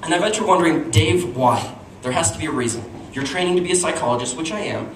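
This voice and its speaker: A young man performs stand-up, spinning a self-deprecating dating story and leaping into higher voices for the quoted bits. His voice sits at an ordinary middle pitch. It is picked up from a distance, with a roomy echo and a steady buzz of audience noise behind him. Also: fast. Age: young adult. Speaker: stand-up comedian. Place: small venue with audience. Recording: echoey room, distant mic, audience noise.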